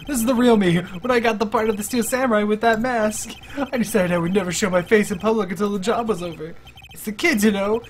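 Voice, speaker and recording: A streamer doing a soft-hearted male TV actor from a video game, earnest and a bit sheepish, his voice pitched up and drawn out. Game music plays clearly underneath. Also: fast talker, close to an everyday voice. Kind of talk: reading game dialogue aloud on a stream.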